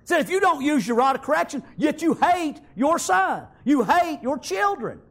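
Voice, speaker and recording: A preacher with a drawl delivers a sermon in an unusually high voice. He reads a passage aloud, stops to explain it, and checks in with his listeners by asking "Amen?" again and again. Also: big pitch swings, normal speed, creaky, a bit bright. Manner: reading a text aloud and explaining it, with frequent "Amen?".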